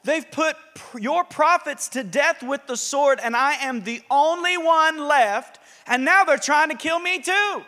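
A man's voice: extremely high pitch, unhurried, hardly any pauses, sharp tone, voice pushed up, exaggerated voice. A man preaching, voicing an exasperated male prophet who complains to God in a whiny, self-pitying tone. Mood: aggrieved. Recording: long hall reverb.

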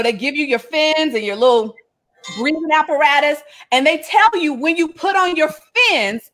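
Brief: woman vlogger, high voice, animated casual storyteller who laughs through it. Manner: animated, laughing, acts out dialogue. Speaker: vlogger telling a family story.

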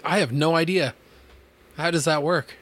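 A man's voice: fairly high pitch, moderate pace, fairly bright tone. Laid-back joking man, casual chat.

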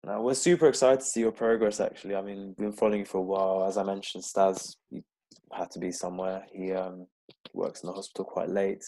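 Low-voiced man hosting a casual chat. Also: fast talker. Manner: relaxed, rambling with fillers. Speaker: podcast host. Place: London-based.

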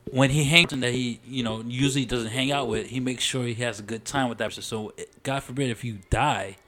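A man's voice: medium pitch, fairly even intonation, a little fast, sharp tone. Man, podcast co-host, earnest, reflective, casual chat.

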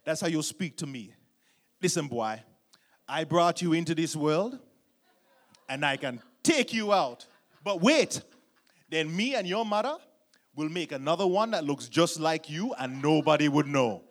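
A man imitating his stern Jamaican father, scolding loudly in a Jamaican accent. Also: fairly high pitch, animated, measured pace, pauses often. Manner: loud, scolding.

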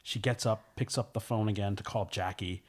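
A man telling a scary story in a casual chat, animated and full of "like" and "um". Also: lowish voice, brisk. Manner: animated, lots of "like" and "um".

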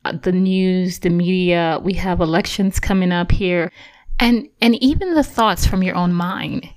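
A woman's voice: on the low side, measured pace, smooth. A woman giving a casual Christian devotional talk, earnest and encouraging, chatty with lots of fillers and restarts. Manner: conversational, full of fillers and restarts. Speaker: Christian teacher.

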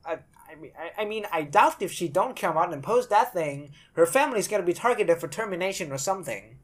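A woman's voice: fairly low pitch, lively intonation, a little fast. A woman hosting a podcast, giving blunt, sarcastic commentary and swearing freely. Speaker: podcast host.

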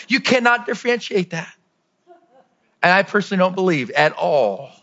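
A man preaching a lively sermon as pastor, dropping to low asides and rising to shouted peaks. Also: normal speed, gravelly, highs cut off.

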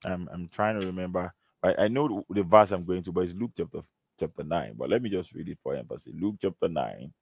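Deep-voiced preacher. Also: male voice, fairly quick, creaky, breathy edge. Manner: earnest, emphatic, quotes scripture. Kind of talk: sermon. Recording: dull, slightly lo-fi.

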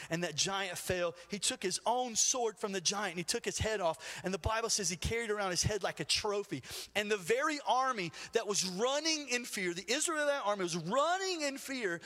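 Male pastor, high tenor, vivid storyteller, church hall reverb. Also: a little fast. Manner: storytelling, animated retelling with acted quotes. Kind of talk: sermon.

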